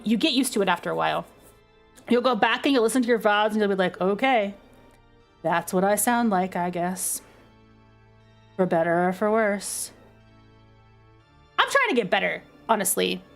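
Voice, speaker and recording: A young adult woman with a low, dark speaking voice, chatting casually on a stream with lots of fillers and self-deprecating asides. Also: moderate pace, vocal fry, pauses often, faint music behind.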